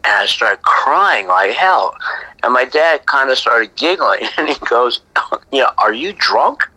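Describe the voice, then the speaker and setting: A middle-aged man, a graffiti artist, telling stories from his past in a chatty way that often sinks into a breathy whisper. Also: mid-range voice, lively intonation, measured pace, bright, forceful tone, no echo, poor audio. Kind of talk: casual storytelling interview.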